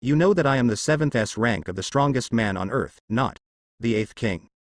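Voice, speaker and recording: A cold, composed male hero, as a male narrator reads him, talks with a chilly calm. The voice is lively in pitch and recorded dry. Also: moderate pace, dry recording, close to an everyday voice. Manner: cold, flat remarks.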